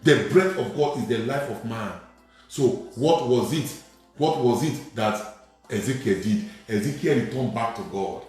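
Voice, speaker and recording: A man preaching a sermon as a priest, repeating phrases and building to sudden shouted emphasis. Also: medium pitch, unhurried. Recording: very echoey room with faint music.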